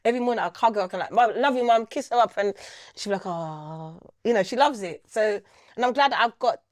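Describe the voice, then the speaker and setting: A woman from the United Kingdom, a singer, chatting as a guest in a podcast interview with animated storytelling. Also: on the high side, quick pace, no room sound, studio quality. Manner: animated storytelling, acting out quotes. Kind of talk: casual interview chat.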